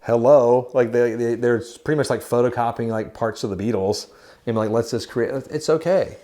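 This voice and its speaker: A man in his forties co-hosts a relaxed talk about rock music. He rambles freely, restarts his sentences and drops filler words, and he slips easily into giggles. His voice sits at an ordinary middle pitch. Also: moderate pace. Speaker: podcast co-host. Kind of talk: casual chat.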